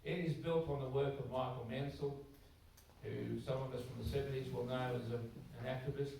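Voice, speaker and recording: A man's voice: mid-range voice, steady tone, normal speed, gravelly, mellow. An Australian man giving a conversational public talk as an Anglican priest to a church audience, acting out bits of dialogue in shifting voices. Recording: very echoey hall, distant mic, faint noise.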